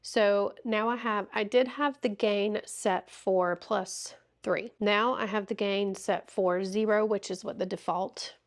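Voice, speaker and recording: A soft-spoken woman chatting casually while walking around her home for a vlog, thinking aloud into a wireless clip-on mic. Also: medium pitch, steady tone, measured pace, hardly any pauses. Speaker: vlogger testing a new camera.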